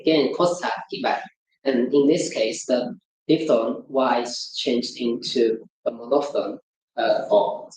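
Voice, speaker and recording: A conference presenter speaks at a middle pitch in a roomy lecture hall, the voice ringing off the walls. The delivery is halting, full of fillers and frequent throat-clearing. Example phrases are read out slowly and carefully. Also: a little mellow. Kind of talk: academic conference talk. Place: lecture room.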